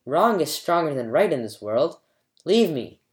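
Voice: medium pitch, big pitch swings, unhurried. A narrator voicing a sneering greedy brother. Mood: scornful. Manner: harsh, contemptuous shouting. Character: greedy scornful elder brother, a young man.

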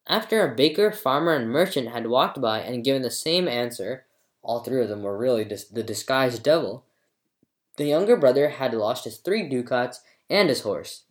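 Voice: mid-range voice, echoey room. A storyteller giving a scripted book review and then reading a folktale aloud with dramatic expression.

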